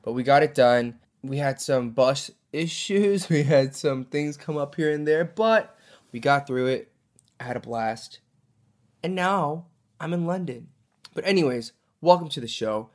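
A man's voice: fairly high pitch, unhurried. Give me an upbeat young man chatting casually as podcast host. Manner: upbeat, chatty, lots of fillers.

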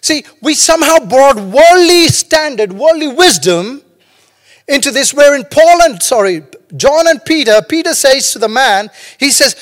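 Very high-pitched and animated, a male pastor speaks a little slowly, his voice trailing into a long reverb. He delivers his sermon conversationally, cracking jokes and slipping in storytelling asides between stories.

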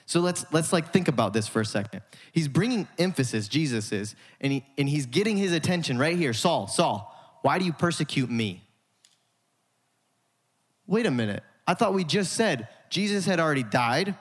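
A male pastor preaching a sermon in an emphatic style with dramatic pauses, in a church sanctuary. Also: on the high side, expressive. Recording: hall reverb.

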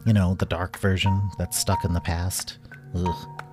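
A man's voice: sits low, level tone, measured pace, over music. A man voicing a spunky, stubborn female toy cat in a storybook tale. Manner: determined, upbeat.

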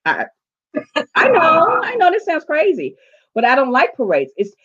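A woman from the southern United States, a life coach, tells her story in an interview at a moderate pace. Her voice sits high, and the highs are cut off. She's animated, acting out her own dialogue in quotes.

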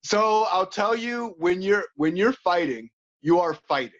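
A man's voice: high voice, animated, measured pace, fairly bright tone. A man who fights and coaches, talking candidly as an interview guest and acting out quoted voices with laughs. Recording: slightly dull, lo-fi sound.

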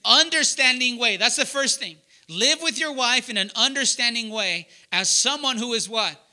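Young adult pastor guy, real loud and punchy, high bright voice, keeps quizzing the room. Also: lively intonation, moderate pace. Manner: loud, emphatic, asks the room questions. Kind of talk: sermon.

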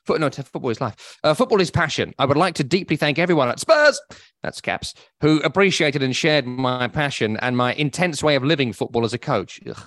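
A man's voice: mid-range voice, a bit bright, dry recording, studio quality. A man co-hosting a casual football podcast, blunt, opinionated and wry. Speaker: podcast co-host.

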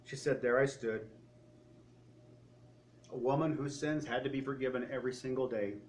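A man telling a story in a sermon, retelling someone's words and often dropping his voice low. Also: fairly even intonation, moderate pace, slight background noise. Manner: retelling a story with quoted speech, often trailing off quietly. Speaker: preacher.

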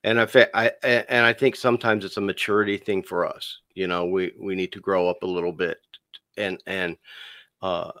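A man on a podcast telling a personal story in a lively, conversational way, acting out the dialogue and calling the listener "dude.". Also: sits low, normal speed, clear, resonant tone, no echo. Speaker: podcast guest.

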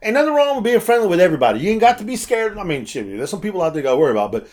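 A man telling stories in a casual chat, animated and swearing freely. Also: high-pitched, very fast. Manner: animated storyteller, acts out quotes, swears freely. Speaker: podcast co-host.

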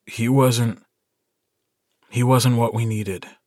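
A male narrator voicing a steady, earnest young werewolf alpha who talks in a calm, quietly firm way. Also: medium pitch, slow pace, no room sound, studio quality, close to an everyday voice.

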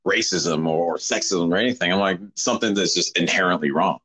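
A man, a guest, telling a story in casual interview talk, animated and rambling with many restarts. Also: low voice, brisk, breathy edge.

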